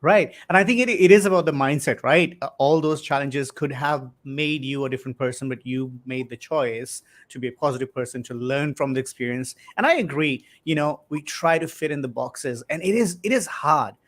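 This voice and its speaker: A man's voice: fairly high pitch, normal speed, few pauses. A man hosting a live-streamed interview, chatty, reading out viewer comments and asking questions. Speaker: host.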